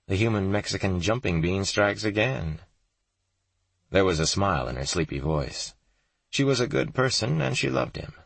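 A man reads a thriller audiobook in a deep, gravelly voice with a husky edge. His delivery is measured and grave. The recording is dry and close to the mic. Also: a bit bright, dry recording. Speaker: narrator.

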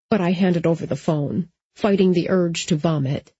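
A woman reads a first-person novel in a measured, steady voice. Her voice is husky and mellow. The recording is dry and a little dull. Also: lowish voice, dry recording. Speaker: audiobook narrator.

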